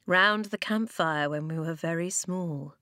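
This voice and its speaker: A woman voicing a calm, steady male tribe leader in a storybook reading, speaking slowly and deliberately. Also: low voice, no echo, studio quality. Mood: solemn. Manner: slow, measured speech.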